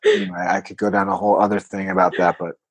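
Husky low-voiced man, rambling guest. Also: big pitch swings, rapid-fire, no echo. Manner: rambling, full of "like" fillers. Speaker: podcast guest. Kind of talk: casual conversation. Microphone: remote call recording.

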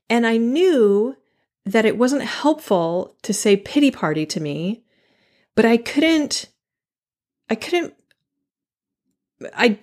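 A woman hosting her own podcast, talking candidly and thoughtfully, pausing to restart and laughing at herself now and then. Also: on the high side, darkish tone. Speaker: podcast host. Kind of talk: reflective solo podcast talk.

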